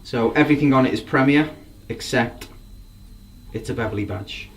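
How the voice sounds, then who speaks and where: A man's voice: medium pitch, moderate pace. Enthusiastic man, a bit off-mic. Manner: enthusiastic, rambling, admiring. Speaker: drum collector. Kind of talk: casual show-and-tell. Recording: voice from a distance, faint background noise.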